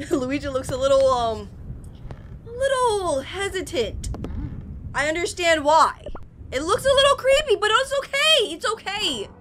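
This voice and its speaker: A young woman hosting a casual reaction video, animated and giggly, talking straight to her viewers. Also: very high-pitched, measured pace, slight background noise. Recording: music playing underneath.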